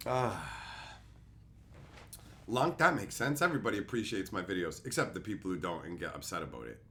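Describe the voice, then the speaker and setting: A man's voice: sits low, expressive, fairly quick, bright, forceful tone, slight background noise. A middle-aged man on a casual livestream, answering chat and telling stories with lots of swearing and laughter. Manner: profane, laughing storyteller. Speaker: streamer.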